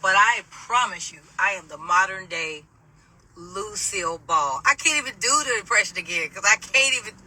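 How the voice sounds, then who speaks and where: A middle-aged woman telling a personal story to camera in a casual, animated, sassy way, laughing as she mimics people. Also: mid-range voice, normal speed, slightly rough, far from the mic, low-quality recording.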